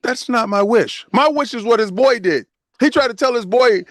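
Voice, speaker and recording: High-voiced emphatic American man. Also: animated, normal speed, dry recording, studio quality. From United States. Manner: emphatic, repeats phrases. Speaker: podcast co-host. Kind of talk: casual podcast chat.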